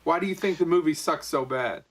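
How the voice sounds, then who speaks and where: A man's voice: a little high, brisk, husky. A man hosting a podcast, chatting casually with short interjections and follow-up questions. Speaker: podcast host. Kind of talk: casual chat.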